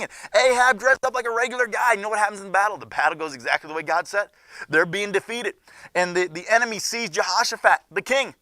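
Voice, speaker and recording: Young guy teaching bible class, bright voice, acts out the characters, dry close sound. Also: high-pitched, dry recording. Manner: animated storytelling, acting out the characters' lines.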